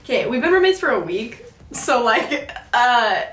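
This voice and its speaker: A woman's voice: a little high, big pitch swings, unhurried, a bit bright, faint music behind. A young woman of about twenty chatting casually and giggling as she rambles through a story. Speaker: vlogger. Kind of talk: casual chat. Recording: roomy, from some distance off the mic.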